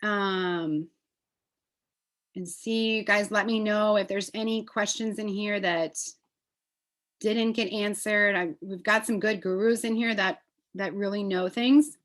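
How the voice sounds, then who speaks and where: A woman's voice: medium pitch, fairly even intonation, slow. Woman, presenter, enthusiastic, chatty, casual, computer mic. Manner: enthusiastic, chatty, many fillers. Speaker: essential oils presenter. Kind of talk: live online class.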